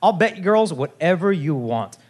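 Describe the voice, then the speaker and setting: A man's voice: a little high, moderate pace. A man in his thirties speaking to a teen assembly, telling jokey stories and talking straight to the crowd. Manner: lively, jokey, addresses the crowd directly. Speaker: youth chastity speaker. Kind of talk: animated storytelling talk to a teen assembly.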